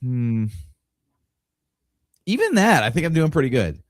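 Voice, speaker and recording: A man's voice: medium pitch, sing-song, a little slow, dry recording, clean studio sound. A man co-hosting a podcast in casual chat, mostly chiming in with short agreeing remarks. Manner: brief agreeing interjections. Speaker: podcast co-host.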